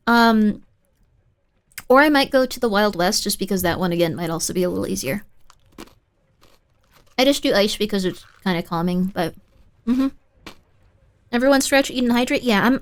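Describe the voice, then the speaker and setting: A woman streamer chatting casually on a live stream, rambling with many fillers. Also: mid-range voice.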